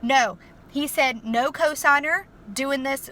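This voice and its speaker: A woman's voice: fairly high pitch, normal speed, pushed and bright. A young woman telling a story in a casual vlog, chatty and emotional, with lots of fillers. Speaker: vlogger. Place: inside a car.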